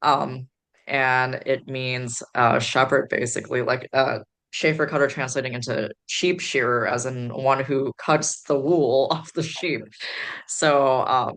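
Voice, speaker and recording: A woman's voice: a bass voice, fairly even intonation, a little slow, fairly bright tone. A woman from the Chicago area, a podcast guest, rambling through stories with many fillers. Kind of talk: casual podcast chat.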